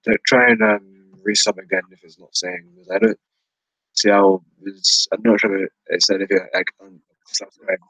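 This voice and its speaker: A man's voice: fairly low pitch, sing-song, normal speed, gravelly, bright, forceful tone, no room sound, poor audio. A young man with a British accent, rambling hesitantly in a casual vlog, with frequent stammers and restarts. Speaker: vlogger.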